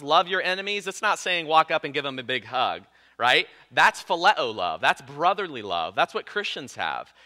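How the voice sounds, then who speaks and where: A male pastor preaching a sermon in a lively, conversational way, with self-deprecating jokes. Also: on the high side.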